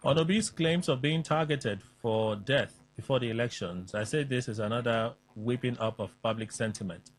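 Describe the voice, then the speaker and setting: A man, hosting a radio call-in show and reading listener messages aloud with quick asides. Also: medium pitch, low-quality recording.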